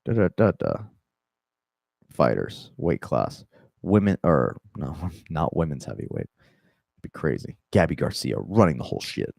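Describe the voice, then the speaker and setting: A young man with a Southern accent talks casually about fighting news, in loose, profane bursts full of restarts and asides. His voice sits low, and the recording is dry and close. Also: sing-song, normal speed, gravelly, darkish tone, no echo. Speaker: MMA podcast host. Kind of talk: casual commentary.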